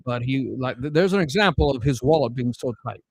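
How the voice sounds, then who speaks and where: Animated storytelling man from South Dakota. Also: medium pitch, brisk, breathy edge, no room sound, rough recording. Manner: animated, rambling anecdotes with fillers. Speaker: podcast guest. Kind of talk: casual storytelling chat.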